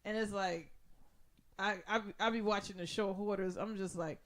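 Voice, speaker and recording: A woman's voice: mid-range voice, normal speed. A woman co-hosting a podcast in casual chat, telling stories with lots of swearing and acting out what other people said. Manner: animated storytelling, acts out voices, swears freely. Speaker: podcast co-host.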